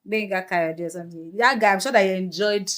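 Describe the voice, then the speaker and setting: A young Nigerian woman with a Nigerian accent, a guest on a podcast, telling her story in a lively way, slipping into Pidgin phrases and laughing. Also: mid-range voice, fairly quick. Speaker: guest actress. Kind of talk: podcast interview.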